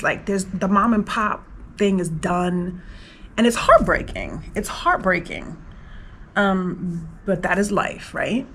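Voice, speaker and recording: A woman's voice: on the low side, animated, takes it slowly, a bit bright, slight background noise, low-quality recording. Chatty New woman vlogger. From New York, USA. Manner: emotional, rambling, lots of "like" fillers. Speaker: travel vlogger. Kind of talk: casual personal vlog.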